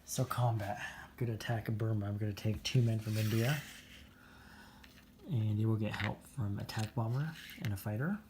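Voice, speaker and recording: A man's voice: on the low side, fairly even intonation, moderate pace, noisy background. A man narrating his own turn in a tabletop strategy game, methodically counting out moves and dice rolls as he goes. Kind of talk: casual tabletop game commentary.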